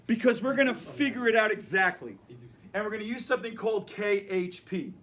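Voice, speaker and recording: High-voiced, playful male teacher in class. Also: animated, brisk, a bit bright. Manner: playful, joking with students. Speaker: chemistry teacher. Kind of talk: classroom lecture.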